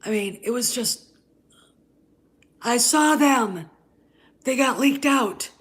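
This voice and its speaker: A woman hosting a commentary vlog channel rants in a heated, scornful way, often tacking on "okay?" and slipping into breathy, near-whispered asides. Her voice is a little high, with lively intonation and a slow pace.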